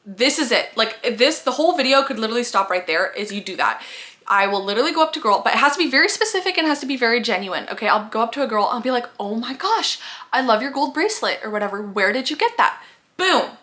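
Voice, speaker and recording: A woman's voice: on the high side, lively intonation, rapid-fire, bright, forceful tone. A young woman in her twenties giving friendly advice in a chatty, upbeat vlog, often saying "like". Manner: chatty and upbeat, many "like" fillers. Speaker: vlogger.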